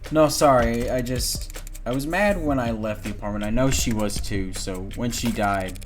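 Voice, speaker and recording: A man voicing a grieving man haunted by guilt, who speaks haltingly and emotionally, read from a story game. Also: mid-range voice, soft background music, close to an everyday voice.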